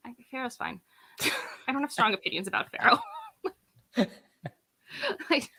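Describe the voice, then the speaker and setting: A woman's voice: on the high side, a little slow, sharp tone. A woman co-hosting a casual book chat, talking loosely with lots of filler words and frequent laughs. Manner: chatty, laughs often, many "like" fillers. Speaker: book video host.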